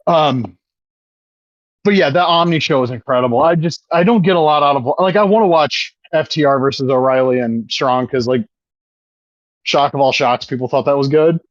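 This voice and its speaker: A man's voice: medium pitch, moderate pace, dry recording, highs cut off. A man co-hosting a podcast in casual chat, swearing often and talking with eager enthusiasm. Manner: profane, enthusiastic wrestling fan. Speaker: podcast co-host.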